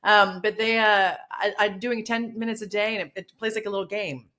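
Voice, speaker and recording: A woman's voice: mid-range voice, steady tone, fairly quick, fairly bright tone. A woman co-hosting a podcast, chatting casually and rambling with lots of fillers. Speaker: podcast co-host. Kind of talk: casual chat.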